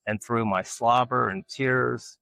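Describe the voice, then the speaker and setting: A man from Alabama, telling animated family stories as an interview guest. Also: mid-range voice, slow, creaky, clear, resonant tone. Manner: animated storyteller, acts out quoted voices. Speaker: guest, artist. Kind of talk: casual storytelling interview.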